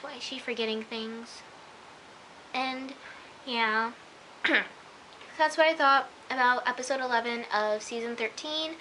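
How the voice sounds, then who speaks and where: A woman's voice: fairly high pitch, bright, forceful tone, slight background noise, rough recording. A woman chatting casually to camera at home, rambling with lots of "like" and "oh my gosh" as she reviews an episode. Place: at home, in pajamas.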